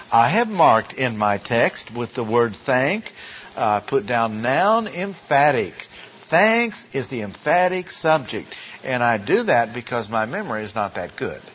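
A man teaching Greek grammar from the Bible in a classroom lecture, deliberate and full of rhetorical questions. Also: medium pitch, very animated, a little hiss or hum. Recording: dull lo-fi classroom recording.

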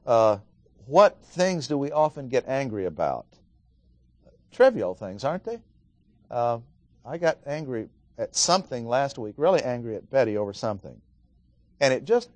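A man's voice: mid-range voice, darkish tone, no room sound. Man teaching a Bible study, dry sound. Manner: conversational, asks the audience questions.

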